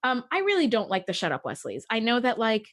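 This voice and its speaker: A woman co-hosting a casual podcast chat, her pitch sitting a little high and swinging widely as she talks. She gets animated and acts out the lines she quotes. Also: fast talker. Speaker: podcast co-host. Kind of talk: casual chat about a TV episode.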